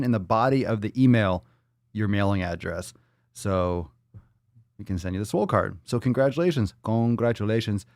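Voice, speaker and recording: In a dry, clean studio recording, a male podcast host keeps a loose, profane, joking live-stream chat going while reading viewer comments aloud. At times he coos softly at a pet in a high baby-talk voice.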